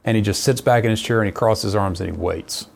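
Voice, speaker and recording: A middle-aged man, a missionary, telling his personal testimony in an earnest, lively conversational way. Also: lowish voice, fast, vocal fry, a little hiss or hum. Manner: earnest storyteller, lively retelling.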